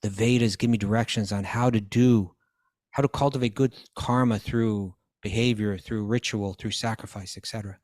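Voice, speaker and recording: A man's voice: lowish voice, fairly even intonation, normal speed, a little mellow, no echo, clean studio sound. A man teaching scripture in a question-and-answer talk, quoting Sanskrit verses, translating them and often restarting his phrases.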